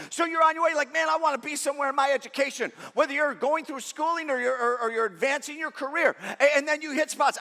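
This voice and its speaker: A middle-aged man preaching a sermon as pastor, conversational and animated, with self-deprecating stories. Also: very high voice. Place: large church auditorium. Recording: long reverb of a church hall.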